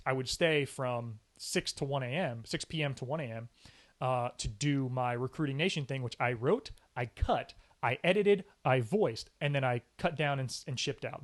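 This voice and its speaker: A man, a sports anchor, telling career stories in a casual interview, energetic and emphatic, often acting out what people said. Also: medium pitch. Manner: animated storyteller, often acts out quoted speech. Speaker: sports anchor and reporter, podcast guest.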